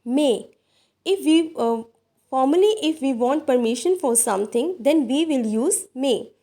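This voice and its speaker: A woman teaching grammar in a recorded lesson, speaking deliberately and addressing her viewers as dear students. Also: sits high, lively intonation, warm tone. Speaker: English teacher.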